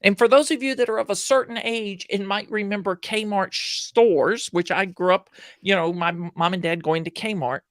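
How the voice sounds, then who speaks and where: Guest speaker, male, earnest and animated storyteller, recorded dry and close. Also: sits high, moderate pace, few pauses, no room sound. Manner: earnest, animated storyteller who acts out quoted dialogue. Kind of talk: storytelling conversation on a livestream show.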